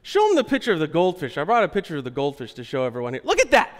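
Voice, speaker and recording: A man telling a comic personal story to an audience, animated, dropping to a hush and then rising loud again. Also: on the high side, racing. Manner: animated, swinging from hushed to loud and laughing. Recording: long hall reverb.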